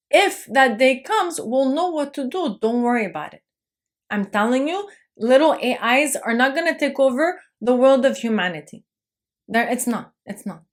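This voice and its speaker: High-voiced woman, reassuring and insistent. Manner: reassuring, repetitive, lots of "trust me" and "okay?"; frequent restarts and stammered repeats. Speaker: video host. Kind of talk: casual spoken monologue.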